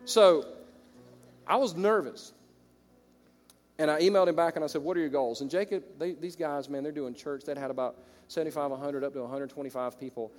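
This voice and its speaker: A man with a Southern American accent preaching a sermon to his congregation, shifting from loud exclamations to quiet storytelling. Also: a little high, fairly quick. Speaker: pastor. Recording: long reverb of a large hall.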